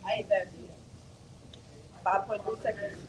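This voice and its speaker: A woman working at a restaurant, chatting casually and telling stories in an animated, profane way. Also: mid-range voice, moderate pace, noisy background. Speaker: restaurant worker. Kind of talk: casual chat.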